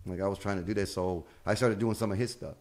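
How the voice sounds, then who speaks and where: A man's voice: on the low side, fast talker. A man who is a comedian telling stories in a casual chat, acting out the people he quotes and swearing freely. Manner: animated storyteller, acts out quotes, swears freely. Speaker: comedian guest.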